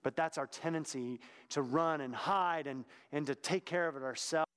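A man preaching a sermon in a conversational, reflective way, sometimes dropping to a hushed tone. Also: on the high side, normal speed, clean tone, in a large hall.

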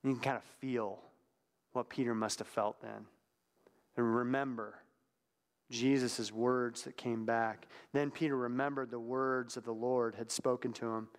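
A man preaching a sermon in a conversational, reflective way, sometimes dropping to a hushed tone. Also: medium pitch, fairly even intonation, a little slow, long reverb tail.

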